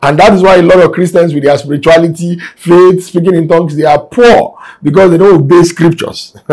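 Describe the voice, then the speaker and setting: Speaking briskly in a steady, slightly high voice, a man delivers a sermon broadcast to a remote audience. He reads scripture and explains it with emphasis, building to forceful exhortation.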